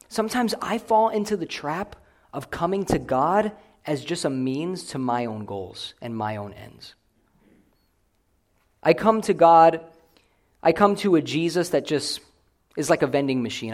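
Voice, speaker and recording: A young man delivering a sermon as a pastor, earnest, swinging between loud emphatic declarations and quiet, hushed asides. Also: on the high side.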